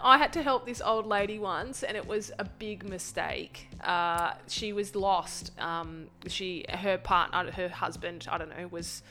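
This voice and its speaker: A young woman telling a story in casual chat, animated, swearing and acting out the people she quotes. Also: fairly low pitch, a little slow, hardly any pauses.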